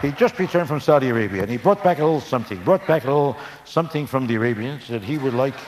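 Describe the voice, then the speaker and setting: Man doing a smarmy showman host, drawn-out, raised pitch. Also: expressive, noisy background, natural voice. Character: smarmy male TV variety show host.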